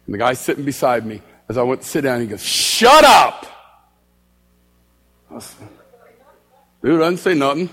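A man's voice: medium pitch, fast talker, slightly rough, long reverb tail. A male street preacher giving a storytelling sermon in a church, acting out both sides of his conversations. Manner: animated, acts out both sides of dialogue.

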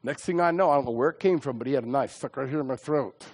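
A middle-aged man from southeastern Pennsylvania, an evangelist telling a testimony in a sermon, animated and dramatic, swinging from hushed asides to shouting. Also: medium pitch, fast talker. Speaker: evangelist preacher.

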